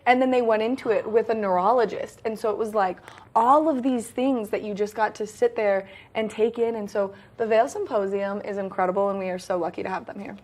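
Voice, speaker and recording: A woman co-hosts a local morning show in a bright, eager voice. She rattles through lists of events with steady enthusiasm, speaking in a natural, mid-range voice. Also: mid-range voice, fairly quick. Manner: enthusiastic, breathless rush through listings. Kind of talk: upbeat local TV chat.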